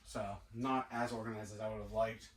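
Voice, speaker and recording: In a cluttered indoor toy room, a toy collector vlogger unpacks boxes slowly, musing and chatting to himself. His lowish voice is flat, and the distant mic picks up room echo and heavy background noise.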